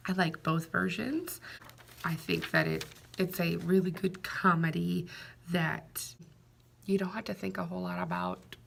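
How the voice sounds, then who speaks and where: A young adult woman vlogger chatting casually to her viewers in a soft, half-whispered, relaxed way. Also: on the low side, a little slow, vocal fry, a little hiss or hum. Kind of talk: casual chat.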